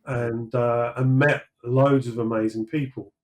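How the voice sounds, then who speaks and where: British man, mid-pitched voice, casual interview chat, halting, lots of fillers and restarts. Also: fairly even intonation, poor audio. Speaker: sculptor guest.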